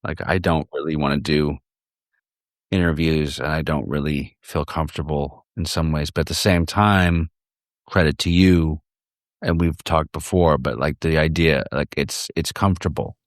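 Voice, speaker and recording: A man as podcast guest in casual chat, rambling and halting with frequent restarts and some swearing. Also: very deep voice, steady tone, no echo, studio quality.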